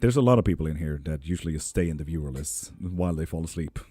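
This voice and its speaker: A man's voice: extremely low pitch, expressive, fast talker, warm tone, husky, no echo, faint music behind. A man in his thirties giving tarot readings on a live stream, chatting casually with viewers and joking as he reads their comments aloud. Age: 30s. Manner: laid-back, joking, chats with viewers. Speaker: livestream tarot reader.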